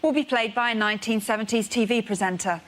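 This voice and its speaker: A woman's voice: a little high, fast talker. A woman comedian delivering mock tannoy announcements in a prim announcer voice. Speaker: comedy panelist.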